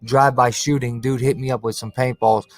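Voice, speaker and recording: Fairly quick and level in tone, with a mid-range voice and no echo, this man hosts a conspiracy channel and rants on a livestream. He's casual but confrontational, full of slang and ending lines with "bro" and "cuz."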